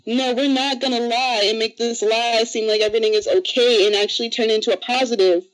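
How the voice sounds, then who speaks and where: A podcast co-host in casual chat, telling a story in a lively, profane way and quickly mimicking other people. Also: mid-range voice, low-quality recording.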